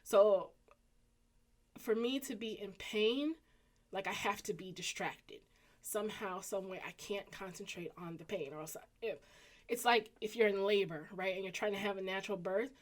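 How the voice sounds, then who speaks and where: A woman in her thirties with a Southern US accent, telling a personal story casually to her viewers and acting out the people in it. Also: normal speed. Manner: animated, acts out quoted voices with pitch jumps. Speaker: vlogger.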